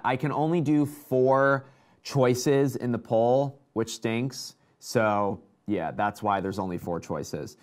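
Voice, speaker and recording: Male tech-stream host, chatty and excitable, mid-pitch. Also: measured pace. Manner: excited, chatty, reads out viewer comments. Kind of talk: casual live-stream tech chat.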